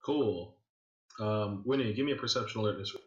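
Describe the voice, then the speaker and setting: Casual low-voiced man running a tabletop game. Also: fairly quick, muffled recording. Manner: casual, filler-heavy storytelling. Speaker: game master. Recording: echoey room.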